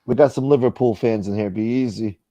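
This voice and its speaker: A man's voice: fairly low pitch, brisk, dark tone, no echo. A man hosting a casual live-stream chat, joking around and greeting viewers by name. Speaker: host reading live chat.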